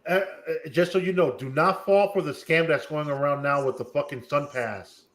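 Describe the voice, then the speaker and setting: This man talks bluntly and with reassurance, and he swears as he goes. His voice sits a touch high for a man. It is relaxed, casual stream talk. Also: normal speed. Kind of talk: casual chat.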